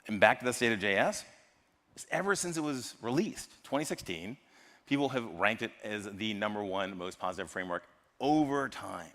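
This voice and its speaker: An American man giving a lively, joking tech talk at a live conference and quizzing the audience. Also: on the low side, moderate pace. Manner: lively, jokey, polls the audience. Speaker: conference speaker. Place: large conference hall. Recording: long hall reverb from a live stage.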